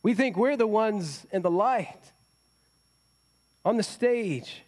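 A man's voice: high voice, animated, takes it slowly, a little mellow. A man preaching a conversational sermon as a pastor, often asking the congregation rhetorical questions.

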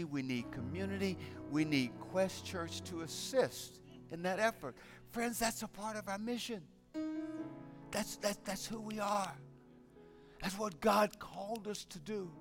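Older guy preaching, kind of high voice, slow, stumbles and repeats words a lot. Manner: halting, repeats words, lively storytelling. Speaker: guest preacher. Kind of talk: sermon.

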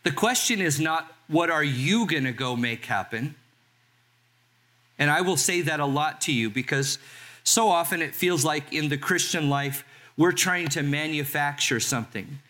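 A man in his sixties from Southern California, a pastor preaching a sermon in a conversational way and slowing down to read scripture. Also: on the high side, expressive, sharp tone. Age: 60s. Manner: conversational, reads scripture slowly.

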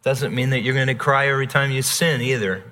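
A male pastor preaching a sermon, earnest and repetitive, dropping soft and then rising emphatic. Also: mid-range voice, steady tone, brisk, long reverb tail.

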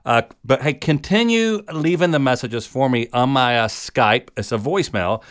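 Rambling middle-aged comedian host. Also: male voice, medium pitch, expressive, normal speed, hardly any pauses, a bit bright. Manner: rambling, chatty, many fillers. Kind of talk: casual monologue.

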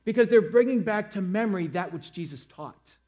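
A man preaching a lively sermon to a church, acting out the story's characters in quick voices. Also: high-pitched. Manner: animated, acts out scenes in character voices. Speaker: pastor. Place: church auditorium with a screen.

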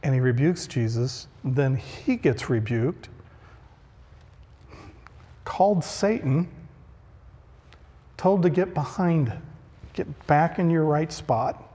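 A man's voice: a little high, animated, slow pace, long pauses, dark tone, husky. A man preaching a conversational sermon, acting out the voices he quotes. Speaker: pastor. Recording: long reverb of a large hall.

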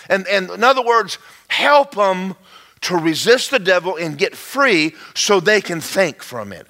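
A man preaching to a congregation, with a bright, forceful voice pitched a little high. He swings between loud emphatic lines and low, quiet asides, acting out folksy little dialogues as he goes. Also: big pitch swings, moderate pace. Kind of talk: sermon.

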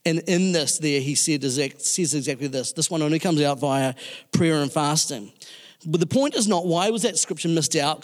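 A man delivers a sermon in a loose, chatty way, restarting phrases and filling pauses. His voice sits a bit high for a man. The sound carries a long reverb from a church hall. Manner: conversational, with many fillers and restarts. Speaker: pastor.

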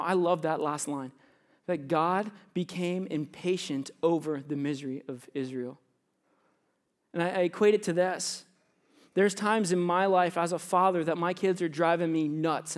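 A man in his thirties, a youth pastor preaching a sermon in a conversational, storytelling way. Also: fairly high pitch. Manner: conversational, storytelling preacher who acts out little scenes; often drops to quiet, hushed tones in anecdotes. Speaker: pastor of students and young adults.

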